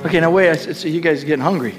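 A man's voice: fairly high pitch, very fast, music in the background. A male pastor preaching a fervent sermon, with repeated calls to the congregation.

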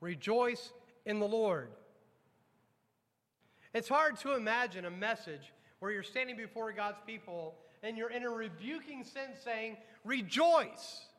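A pastor preaching a sermon to his congregation, emphatic, questioning the room and dropping low and slow on weighty lines. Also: expressive, sharp tone, long reverb tail. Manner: addresses congregation directly with repeated questions. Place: church sanctuary.

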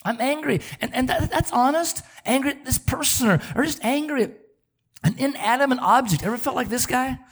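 A male pastor preaching a sermon, telling stories with an animated manner and often repeating words. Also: extremely high pitch, fairly quick, slightly rough.

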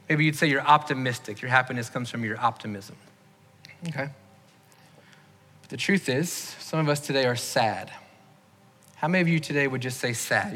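A man's voice: fairly high pitch, pushed and bright. A man preaching a sermon as pastor, earnestly asking the congregation to raise their hands. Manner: earnest, leads the congregation in raised-hand questions. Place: church sanctuary. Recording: long hall reverb.

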